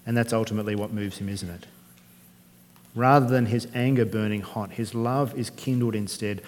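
A man's voice: lowish voice, steady tone, normal speed, a little mellow. A man preaching a sermon in a conversational way, often asking the congregation rhetorical questions. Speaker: pastor. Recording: long reverb of a church hall.

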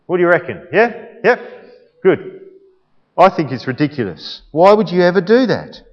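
A man's voice: high-pitched, sing-song, moderate pace. A male preacher delivering a sermon in a playful way, quizzing the congregation, recorded in an echoey church hall with a dull sound.

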